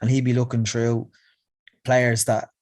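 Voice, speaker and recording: A man's voice: medium pitch, monotone, a little slow, darkish tone. Irish male podcast host, mid voice, easygoing and enthusiastic. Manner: casual and enthusiastic. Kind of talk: casual podcast conversation.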